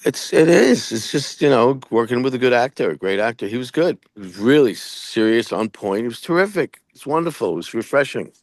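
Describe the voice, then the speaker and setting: A man's voice: medium pitch, lively intonation, a little fast, hardly any pauses, dry recording, studio quality. A middle-aged man, an actor and podcast co-host, chatting casually and frankly, rambling with many restarts as he tells stories. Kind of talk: casual chat.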